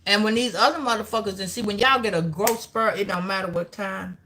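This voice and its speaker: Bright-voiced woman, profane and preachy. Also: mid-range voice, brisk, slight background noise. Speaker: tarot reader. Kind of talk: live-stream tarot reading.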